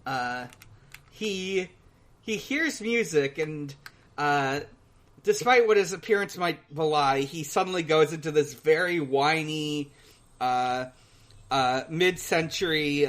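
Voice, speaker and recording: A man co-hosting a podcast in casual chat, recapping a cartoon in a hesitant, halting way full of pauses. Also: a little high. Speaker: podcast co-host.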